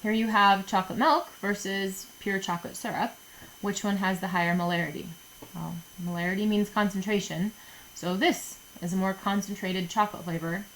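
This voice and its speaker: A woman's voice: medium pitch, steady tone, normal speed, a bit bright, slight background noise, poor audio. Chatty woman teacher giving a lesson. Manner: chatty, jokey, often checks in with "okay?". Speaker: chemistry teacher. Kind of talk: recorded lesson for students.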